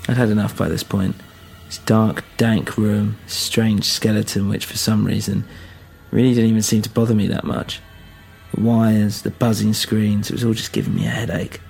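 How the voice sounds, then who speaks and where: A man's voice: on the low side, level tone, normal speed, vocal fry, a little mellow, soft background music. A man narrating a first-person story in a weary, dry, wry manner.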